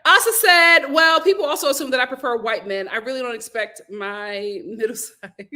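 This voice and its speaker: A woman's voice: on the high side, moderate pace, bright, forceful tone. A woman hosting a casual livestream, reading viewer comments aloud and laughing often as she answers them. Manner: laughs often, talks back to chat. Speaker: host reading live chat.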